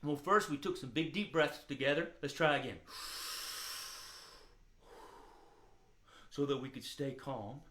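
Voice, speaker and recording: A man voicing an excitable, friendly male hound dog puppet on a children's show, talking in halting, stammering bursts. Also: mid-range voice, echoey room, voice pushed down, close to an everyday voice. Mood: mellow.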